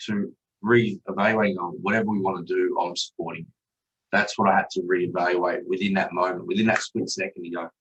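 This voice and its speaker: Low-voiced blunt man. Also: fairly even intonation, a little fast, a bit bright, recorded from a distance, muffled recording, a little hiss or hum. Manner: blunt, swears freely. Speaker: podcast guest, chef and father. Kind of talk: candid conversational storytelling.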